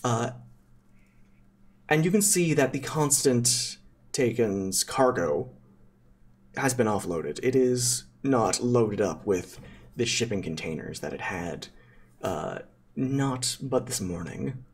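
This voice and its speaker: Deep gravelly male game master, animated and playful. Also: slow pace. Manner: playful, loose narration with many fillers. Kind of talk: narrating a tabletop game.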